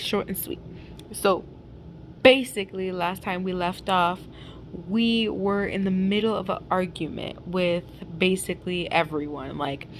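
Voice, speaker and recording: A young woman chatting casually and recapping a fan fiction story with lots of fillers and giggles, recorded at home on a camera mic with faint noise. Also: lowish voice. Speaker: fanfic reader and channel host. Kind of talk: casual chat and reading a fanfic aloud.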